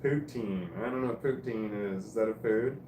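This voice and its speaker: A man's voice: lowish voice, normal speed, mellow, reverberant, slight background noise. A man casually reading live stream comments aloud and musing on each one. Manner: reads comments aloud and muses on them.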